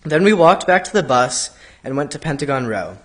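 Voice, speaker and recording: A man's voice: on the high side, sing-song, a little fast. Man reading a reflection aloud. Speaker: congregant giving a trip reflection.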